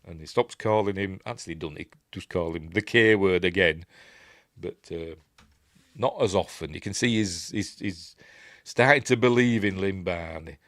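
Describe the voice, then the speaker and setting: A middle-aged Yorkshire man talks his way through a film in a loose, rambling commentary, correcting himself and wandering off into asides. His voice sits fairly low. The recording is close and dry, with no room sound. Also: moderate pace, a bit bright, no echo. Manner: rambling, chatty, self-correcting with many asides. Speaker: film reviewer and host. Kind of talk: casual running commentary over a film.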